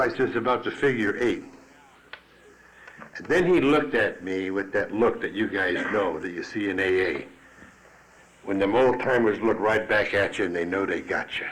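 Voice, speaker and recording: A man's voice: lowish voice, expressive, normal speed, fairly bright tone, low-quality recording. Blunt, salty man at a podium. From Chicago. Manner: blunt storytelling, salty language. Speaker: AA speaker. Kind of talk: recovery meeting talk. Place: meeting hall at a podium. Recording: archival 1980s meeting tape.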